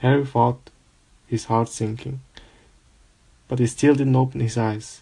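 Man reading a storybook aloud, monotone, stumbles and restarts now and then. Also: mid-range voice, a little slow, vocal fry, breathy edge. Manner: unpolished reading with slips and restarts. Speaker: reader.

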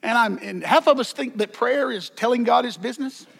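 A man's voice: very high-pitched, a little fast, vocal fry, a bit bright, husky. A man preaching a sermon as pastor, conversational, with joking asides and repeated words.

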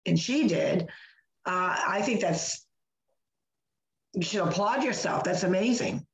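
A woman's voice: fairly low pitch, measured pace. Chatty woman telling stories in an echoey room. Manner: chatty, animated storytelling with lots of fillers. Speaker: host. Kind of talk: casual chat.

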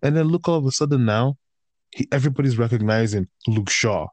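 A man's voice: medium pitch, brisk, a little mellow, no echo. A man in casual chat, ranting heatedly about football with constant swearing and slang. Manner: heated, profane rant with slang like bro. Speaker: podcast host and football fan.

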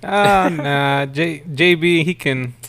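Man, casual chat, teasing, playful, swears, slightly higher pitch. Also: takes it slowly, a bit bright. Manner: joking, teasing, swears freely. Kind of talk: casual group banter.

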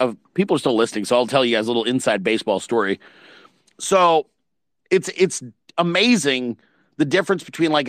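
A man's voice: mid-range voice, a bit bright, no echo. A man hosting a podcast in casual chat, blunt and profane, telling stories with rising emphasis. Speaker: podcast host.

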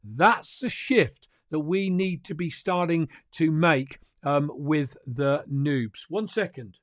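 Man, crypto news host, high-pitched, dry close sound, chatty, emphatic. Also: slow pace, dry recording. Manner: chatty, emphatic, addresses viewers directly. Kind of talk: casual livestream commentary.

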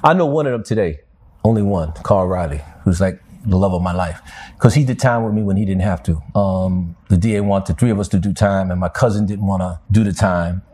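An older man from New York, a guest telling stories from his life in an animated, streetwise way. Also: deep voice, fairly quick, slightly rough. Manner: animated storyteller, streetwise slang. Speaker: interview guest. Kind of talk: storytelling interview.

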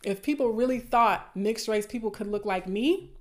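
A woman's voice: mid-range voice, normal speed. A woman with a Southern US accent speaks in loose, conversational commentary to her audience. Her delivery is emphatic and passionate, and she circles back over key phrases to stress them. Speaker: video commentator. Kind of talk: casual livestream commentary.

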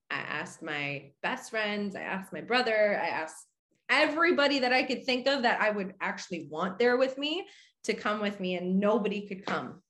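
Animated young woman, high voice. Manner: animated, full of "like", acts out her own reactions. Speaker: podcast guest. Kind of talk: casual storytelling.

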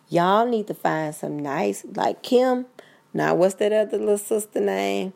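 A woman's voice: mid-range voice, a little slow, creaky, a little mellow. A woman giving a blunt, profane, preachy rant straight to her listeners in casual podcast style. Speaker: commentator.

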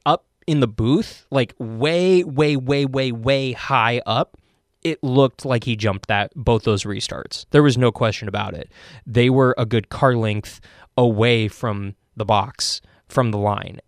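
A man hosting a racing podcast tells a story in a casual, animated way, full of ums and uhs. His voice sits in a middle pitch. The recording is dry and close. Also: no room sound. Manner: animated, many fillers, acts out quotes in a high shout.

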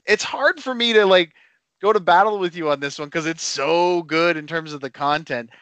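Animated man, dry close sound. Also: fairly high pitch, normal speed, no echo. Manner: animated, playful banter. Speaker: podcast co-host. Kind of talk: casual wrestling chat.

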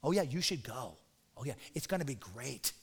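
A male preacher acting out a prophet speaking in low, quiet, mocking sarcasm. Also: big pitch swings, moderate pace, breathy edge, full character voice. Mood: sarcastic.

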